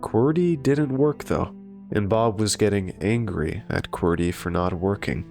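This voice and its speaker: A man narrating a horror story in a slow, deliberate scripted delivery. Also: a little mellow. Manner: slow, deep and gravelly delivery. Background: faint guitar music.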